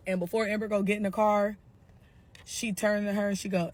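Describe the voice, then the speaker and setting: A woman telling a story in a casual, animated, slangy way, cursing freely. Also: mid-range voice, a little fast, dry recording. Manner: animated, slangy, profane gossip.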